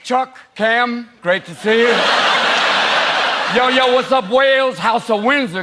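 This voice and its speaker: A stand-up comedian with an American accent, in a manic style that bursts into shouted voices, on a large theatre stage. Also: male voice, high-pitched, measured pace, over a noisy crowd, very noisy. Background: loud laughing audience.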